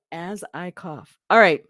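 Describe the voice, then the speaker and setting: A woman runs a live stream, rambling casually through viewer comments, often breaking off mid-thought to laugh. Her voice sits on the low side with a fairly bright tone, recorded clean in a studio with no echo.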